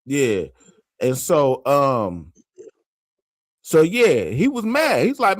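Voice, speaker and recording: Man, slow unhurried delivery, dry close sound, reads passages aloud, casual asides. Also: mid-range voice, wildly swooping pitch, no room sound. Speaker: co-host reading scripture. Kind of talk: casual religious discussion.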